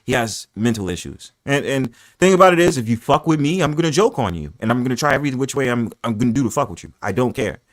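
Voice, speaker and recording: A man hosting a casual live-stream panel chat, talking in a brash, profane, animated way full of boastful trash talk. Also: mid-range voice, fast talker, hardly any pauses, no room sound. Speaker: livestream panel host.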